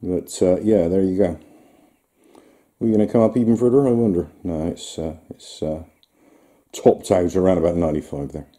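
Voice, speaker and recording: A man with a low, very dark and mellow voice. He talks as he films himself, rambling in a loose, chatty commentary with fillers and small chuckles, as if talking half to himself and half to the viewer. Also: moderate pace. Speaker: vlogger. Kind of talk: casual self-filmed commentary.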